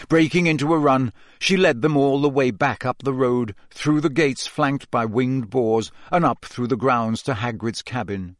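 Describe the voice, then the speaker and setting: A man narrating a storybook in an expressive, dramatic reading style. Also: mid-range voice, normal speed, few pauses, no echo, clean studio sound. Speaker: audiobook reader.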